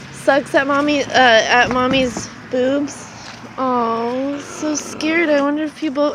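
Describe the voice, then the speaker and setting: A mother who vlogs speaks tenderly but with distress to her child outside on a cold farm. Her voice is high-pitched, and there's noise in the background. She sounds upset and pleading.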